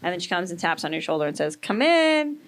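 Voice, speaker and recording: A woman's voice: sits low, level tone, very fast. Loose, profane woman podcast host. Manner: loose, profane storytelling with acted-out quotes. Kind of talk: casual chat.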